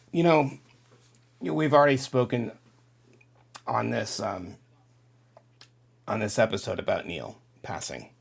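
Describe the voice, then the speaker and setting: A man's voice: fairly low pitch, very animated, takes it slowly, gravelly, pauses often, husky. A middle-aged man hosting a casual livestream, reading out viewer chat and rambling emotionally to his audience. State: on the verge of tears.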